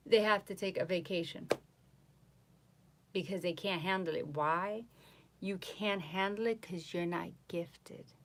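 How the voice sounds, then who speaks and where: A woman tarot reader chatting casually on a live stream from home, boastful and animated, mocking others in voices. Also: fairly low pitch, a little slow, pauses often.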